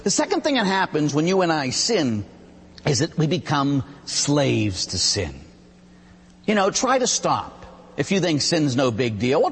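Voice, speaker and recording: Husky, animated Catholic priest preaching. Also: male voice, a little high, in a large hall. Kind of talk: sermon.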